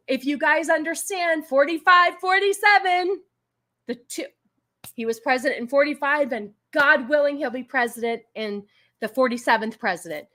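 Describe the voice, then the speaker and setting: A woman with a fairly high voice runs her live stream in a loose, casual way. She argues with chat in an exasperated tone and stops to thank donors. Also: moderate pace, bright, forceful tone. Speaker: livestream host. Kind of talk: casual political commentary stream.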